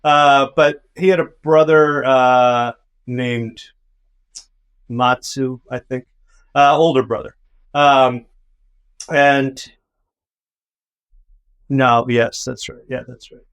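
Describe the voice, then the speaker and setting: A podcast co-host tells a rambling, profane story in casual chat, mocking himself and acting out his own past outbursts. His medium-pitched voice is steady, smooth, and a bit bright, slow with long pauses.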